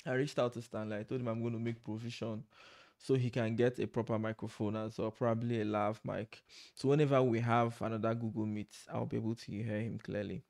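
A man's voice: lowish voice, level tone, a little fast, vocal fry, a little mellow. A man chatting casually to camera from home at night, rambling and breaking off to laugh at himself. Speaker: vlogger. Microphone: desk microphone.

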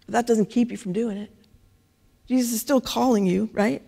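A woman's voice: fairly high pitch, normal speed, gravelly, dark tone. A woman preaching a casual sermon in church, talking conversationally and often checking in with "right?". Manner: conversational, keeps asking "right?".

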